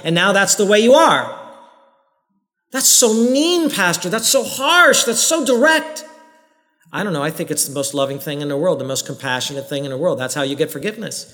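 A pastor giving a sermon in earnest, direct tones. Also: male voice, on the high side, fairly bright tone. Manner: earnest, direct preaching with voiced prayers and quoted excuses. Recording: long hall reverb.

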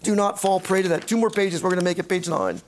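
A man's voice: sits high, fast talker, a little hiss or hum. A man, a pastor and counseling instructor, giving an emphatic teaching lecture and often checking in with "right?". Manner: emphatic, repeats key points, asks "right?".

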